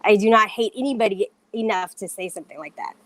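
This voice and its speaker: A woman's voice: mid-range voice, quick pace, a bit bright, dry recording. A woman on a casual livestream, talking straight to viewers in an indignant, defensive way, stressing her denials.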